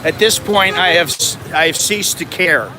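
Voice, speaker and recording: A man's voice: high-pitched, unhurried, pushed and bright. Wry man vlogging on busy city streets. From United States. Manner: wry, self-mocking, chuckling asides. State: sweaty from walking in heat. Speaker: travel vlogger. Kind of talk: casual walking vlog. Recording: outdoor street noise.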